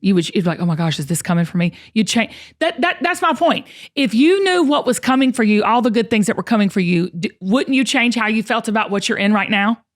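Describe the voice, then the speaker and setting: A podcast host chats casually in a slightly high, animated voice, speaking fairly quickly with few pauses. She comes across as earnest and encouraging, repeating words as she warms up.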